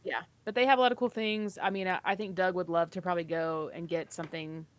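A woman's voice: fairly low pitch, steady tone, fast talker. A woman co-hosting a casual podcast, easygoing and chatty as she lists ideas with fillers. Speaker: podcast co-host. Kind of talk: casual chat.

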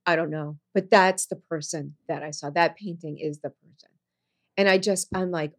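Animated woman telling a personal story. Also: moderate pace. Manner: animated, jumps high when quoting people; earnest, drops soft and low on serious moments.

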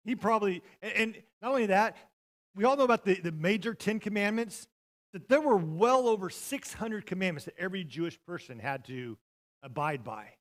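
A middle-aged man preaching with a high-pitched voice. He tells stories from the pulpit, leaping from loud, shouted bursts down to hushed, almost whispered lines. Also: lively intonation, normal speed. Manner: storytelling, swings from loud shouting to near-whispers. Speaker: pastor. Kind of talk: sermon.

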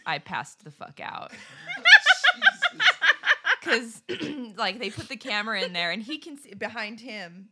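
A woman co-hosting a podcast, telling a story in casual chat, animated and laughing often, swearing and acting out what people said. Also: medium pitch. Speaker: podcast co-host.

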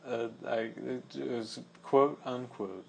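A man's voice: medium pitch, takes it slowly, creaky, a little hiss or hum. A man co-hosting a podcast, reacting to stories with short replies and joking asides. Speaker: podcast co-host. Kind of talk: casual chat.

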